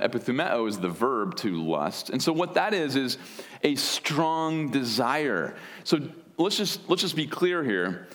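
Male pastor, mid-pitched, earnest verse-by-verse sermon delivery. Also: fairly bright tone. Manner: earnest teaching with word studies and wry asides. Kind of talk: expository sermon.

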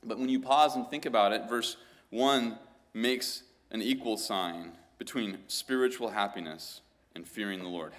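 A man's voice: fairly low pitch, a little slow, a bit bright. A man preaching a sermon, teaching through scripture verses and building up to emphatic, exclaimed points.

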